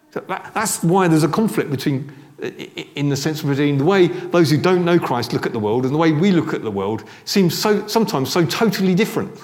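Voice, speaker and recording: A man's voice: on the high side, a little mellow. A middle-aged man giving a sermon in a church, talking conversationally with restarts and asides. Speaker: preacher.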